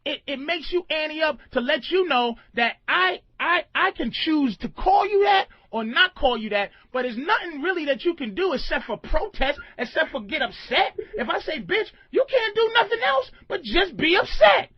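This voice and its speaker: A man hosting a radio show, ranting loudly and emphatically, swinging between booming shouts and low mumbles. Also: sing-song, normal speed, few pauses, no echo, dull audio. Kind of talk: loose comedic radio rant.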